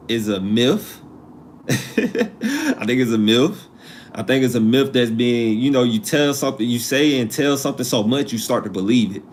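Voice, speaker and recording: A man's voice: medium pitch, a little hiss or hum. A man hosting a live stream, talking in a loose, conversational way, drifting off topic and repeating himself for emphasis. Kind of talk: casual live-stream talk.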